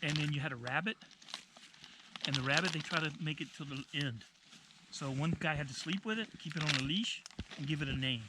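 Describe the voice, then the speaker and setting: A man's voice: on the high side, brisk, very noisy. Laid-back man recounting training. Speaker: vlogger. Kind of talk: casual chat. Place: snowy winter campsite outdoors.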